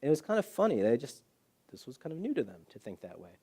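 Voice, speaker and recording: Fast and breathy-edged at medium pitch, a man presents as a guest to a live audience in a hall. He's an animated storyteller in this public talk, acting out quotes and asking rhetorical questions.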